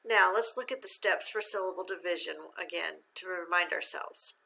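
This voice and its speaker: A woman's voice: fairly low pitch, creaky, pushed and bright. A woman teaching a reading lesson on syllable division, speaking patiently, asking questions and praising the listener. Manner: slow, patient, encouraging, asks questions and praises. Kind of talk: phonics lesson.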